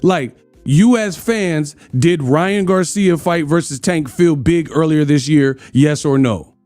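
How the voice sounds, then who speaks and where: A man's voice: on the high side, slow pace, darkish tone, no room sound, soft background music. A man hosting a casual boxing live stream, talking trash in loose slang and laughing at his chat. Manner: loose slangy trash talk, laughing, breaking into sung bits. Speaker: boxing commentary host.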